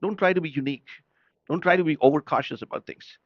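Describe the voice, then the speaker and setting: A man's voice: on the high side, fast, no room sound, highs cut off. A man preaching an impassioned sermon at a mourning gathering. He fires off rhetorical questions and switches between English and Urdu.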